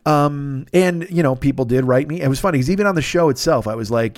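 A man's voice: medium pitch, quick pace, hardly any pauses, darkish tone, dry recording, studio quality. A middle-aged man hosting a comedy podcast, rambling through a story with lots of swearing and silly noises. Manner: rambling, profane, with goofy sound effects and voices. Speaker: podcast host. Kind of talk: casual comic monologue.

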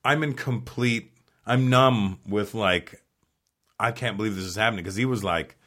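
A man's voice: lowish voice, normal speed, a bit bright. A man telling a long story casually as a podcast guest, acting out other people's lines and swearing freely.

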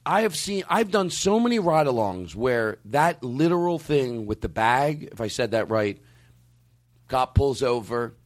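A man's voice: mid-range voice, big pitch swings, a little slow. Rambling, swearing podcast host man. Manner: rambling, swearing, stops and restarts. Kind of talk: casual podcast chat.

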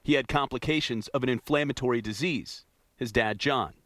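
A male news correspondent narrating a report in a measured, formal delivery. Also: medium pitch, a bit bright, dry recording, studio quality.

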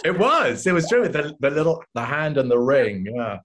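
An older English man, an actor guest, telling animated stories in an interview and acting out the voices of the people in them. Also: on the high side, moderate pace, slight background noise. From England. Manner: animated anecdotes, acts out voices of others. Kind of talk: casual interview storytelling.

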